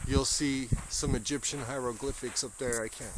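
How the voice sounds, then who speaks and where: A man reads inscriptions aloud at a rural monument in a casual, wry vlog style, breaking off for dry asides. His voice sits at an ordinary middle pitch. Handheld camera audio with a clear layer of outdoor noise behind him. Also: fairly even intonation, normal speed. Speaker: vlogger visiting a monument.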